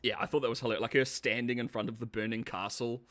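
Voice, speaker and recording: A man giving casual, sarcastic commentary as a video reviewer, laughing often and animated. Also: mid-range voice, quick pace.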